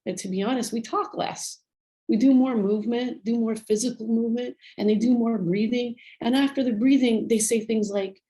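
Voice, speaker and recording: A woman's voice: a little high, fairly even intonation, fairly quick, mellow, poor audio. A woman speaking earnestly and a little rambly on a video call, retelling stories about the volunteer work she does. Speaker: volunteer speaker on prison program. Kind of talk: casual talk on a video call.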